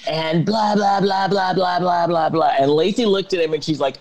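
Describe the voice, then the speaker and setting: A man's voice: sits high, normal speed, soft background music. A man co-hosting a podcast, recapping a film in casual chat and acting out the characters' lines with dramatic flair. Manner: animated, acts out quotes with dramatic flair. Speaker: podcast co-host.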